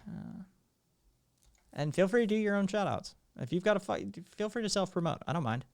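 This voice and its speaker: A man's voice: high voice, very animated, brisk, a little mellow, clean tone. A man hosting a live stream, talking in a rambling way with lots of fillers and restarts. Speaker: streamer host.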